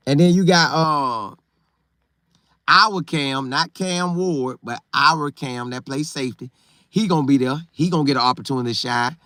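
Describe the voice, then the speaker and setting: Guy on a live stream, bright punchy voice, dry close sound, going thru chat and repeating himself for emphasis. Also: fairly high pitch, moderate pace, no echo. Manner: loose, talkative, repeats phrases for emphasis. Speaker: show host reading live chat. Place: Florida.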